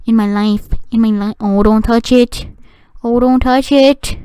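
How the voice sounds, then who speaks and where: A woman giving excitable gameplay commentary, talking to the game and shouting at it. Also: fairly high pitch, a little slow, smooth, no room sound. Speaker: gaming video creator.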